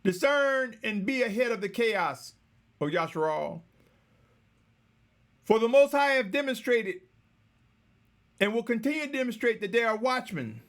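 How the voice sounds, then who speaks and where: Male preacher, high voice, gravelly fry, measured exhorting sermon. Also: expressive, fairly bright tone. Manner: slow, measured, exhorting delivery with repeated addresses to the congregation.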